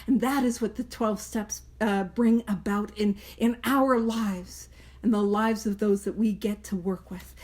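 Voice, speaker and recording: A woman's voice: mid-range voice, steady tone, a little slow, darkish tone. A woman hosting a study podcast, talking earnestly and emphatically with playful asides. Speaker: podcast host leading a study group. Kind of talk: casual study talk.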